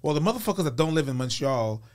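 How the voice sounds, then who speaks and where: A man's voice: a little high, big pitch swings, quick pace. A man, a comedian guest chatting on a podcast in a loose, profane way with many restarts. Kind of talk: casual podcast chat.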